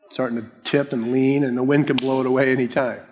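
A male pastor preaching a sermon, slow and emphatic, repeating key phrases. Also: medium pitch, flat delivery, a little mellow, long reverb tail.

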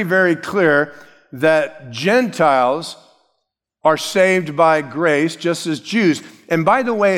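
A man's voice: on the high side, fairly bright tone, in a large hall. A man preaching an expository sermon as pastor, emphatic, stressing key words and shifting his pace.

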